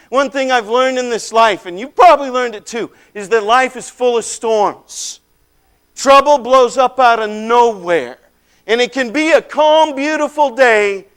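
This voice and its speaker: A male preacher retelling a story in the first person, swinging between loud outbursts and hushed, quiet lines. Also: very high voice, expressive, unhurried, smooth. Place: church.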